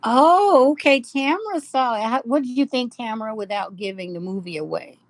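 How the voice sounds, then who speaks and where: A woman's voice: on the high side, lively intonation, normal speed, no echo. A middle-aged woman with a drawl hosts a live stream and chats easily with her viewers. She greets people by name and laughs a lot. The sound is dry and close. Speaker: live-stream host of a jewelry shop.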